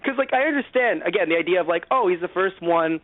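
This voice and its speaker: Animated, profane man on a tinny line. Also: sits high, fast talker, no room sound. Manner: animated, profane, acts out mock dialogue. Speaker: podcast co-host. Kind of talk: casual chat, movie review. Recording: tinny phone-like sound, dry.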